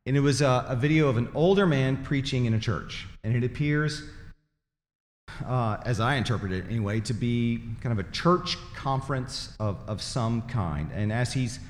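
A man's voice: medium pitch, a little mellow. A male pastor delivering a sermon to his church, speaking conversationally with dry, self-deprecating humor. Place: church sanctuary. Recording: echoey church hall.

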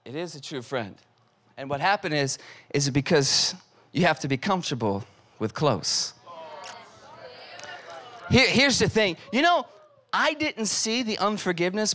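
Telling a story in his sermon, this pastor performs text messages and his own reactions in a very animated, high, bright, forceful voice. He moves at a measured pace with long pauses, and his loose, conversational delivery is full of filler "like"s.

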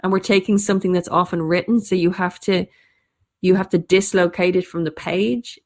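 Irish woman storyteller, conversational, slightly low voice, quick animated delivery. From Ireland. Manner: quick, animated bursts with restarts. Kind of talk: casual conversation.

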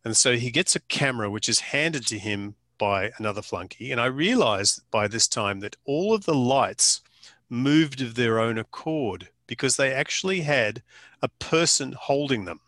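A bright-toned man spins a long story to a small group in a casual, meandering way. He restarts sentences often and drops in dry jokes. The sound is close and dry, with no room around it. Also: medium pitch, lively intonation, normal speed, dry recording. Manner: chatty storyteller with frequent restarts and dry humor. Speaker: photographer telling a story. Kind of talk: casual anecdote to a small audience.

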